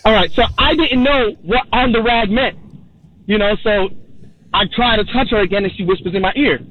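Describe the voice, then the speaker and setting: A man from New York tells a comic story as a radio guest. He rambles and leans on fillers, and his voice sits fairly high for a man. It all comes through a thin, tinny phone line. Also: moderate pace. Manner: rambling, repeats himself, many "you know" fillers. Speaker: guest comedian.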